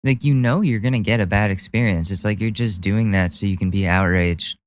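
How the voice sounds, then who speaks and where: Sarcastic male podcast host, low voice. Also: fairly quick, no echo. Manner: sarcastic, mocking. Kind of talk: casual podcast commentary.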